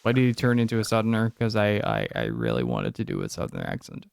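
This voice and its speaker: A man's voice: on the low side, huge pitch swings, fast, gravelly, noisy background. A man streaming a video game, making offhand, self-deprecating commentary as he plays. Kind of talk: casual gameplay commentary.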